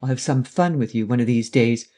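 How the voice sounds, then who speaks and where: A man voicing Lupin, a witty, mocking gentleman thief, in a read-aloud adventure story. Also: medium pitch, fairly quick, natural voice. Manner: mocking, jaunty.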